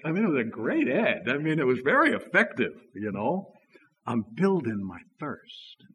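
A man preaching a sermon in a relaxed, conversational way, telling stories with frequent "you know" asides. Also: mid-range voice, long reverb tail, a little hiss or hum. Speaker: pastor.

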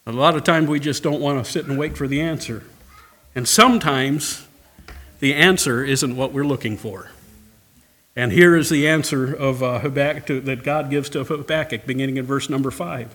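A man's voice: mid-range voice, normal speed, fairly bright tone. A man preaching a sermon, reading scripture aloud and addressing the congregation directly, rising to impassioned cries. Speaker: pastor.

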